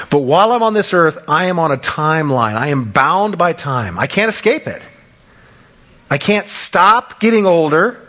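A man in his fifties preaching a sermon, telling stories in an animated way and acting out the people he quotes. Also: a little high. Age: 50s.

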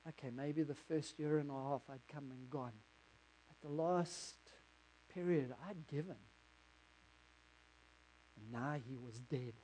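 A man's voice: a little high, unhurried, long pauses, slight background noise, close to an everyday voice, rough recording. A man preaching in character as the apostle Peter, an impulsive fisherman retelling his story in the first person. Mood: reflective. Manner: first-person storytelling, swelling to excited outbursts. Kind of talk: dramatic monologue in a sermon.

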